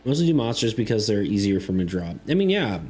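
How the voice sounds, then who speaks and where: A man's voice: fairly low pitch, big pitch swings, quick pace, a little mellow, slightly rough, faint music behind. A man streaming, chatting casually and reading chat messages aloud, full of fillers and restarts.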